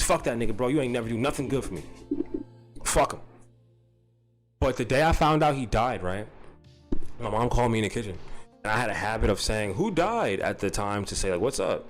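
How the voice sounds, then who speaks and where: Brief: young New man, profane and animated, spinning a casual story over faint music. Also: mid-range voice. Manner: profane, animated, rambling with restarts. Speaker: streamer telling a personal story.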